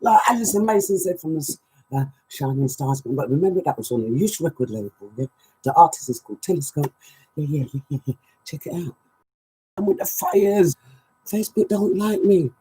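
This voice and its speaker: A woman hosting a live music show, reading out chat shout-outs in a casual, animated way. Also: deep voice, a little fast, husky. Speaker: radio show host and DJ. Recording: music playing underneath.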